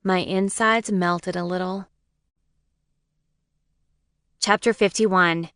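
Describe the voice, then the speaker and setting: A woman reading a first-person romance audiobook with a wry, lively storytelling manner. Her voice is smooth and clear, recorded dry and close with no room sound. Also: mid-range voice, normal speed, dry recording. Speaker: audiobook narrator.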